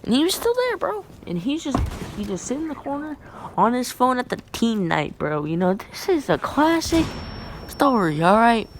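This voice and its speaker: A woman's voice: fairly high pitch, big pitch swings, moderate pace, slight background noise. A woman telling a casual storytime vlog, rambling with lots of fillers and slang.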